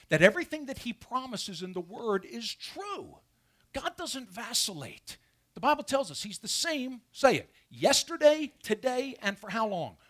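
A man preaching a sermon as pastor from a church pulpit, asking his congregation questions as he goes. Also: high voice. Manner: animated preaching with rhetorical questions.

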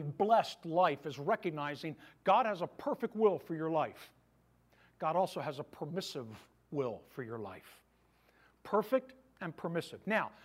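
A man pastor delivering a sermon in a conversational preaching style, with humorous asides to the congregation. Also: fairly high pitch.

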